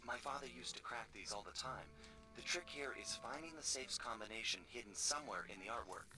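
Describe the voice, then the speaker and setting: A man voicing a suave, cool male raccoon master thief, smooth and confident, in video game dialogue. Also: medium pitch, animated, fairly quick, natural voice. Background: game music.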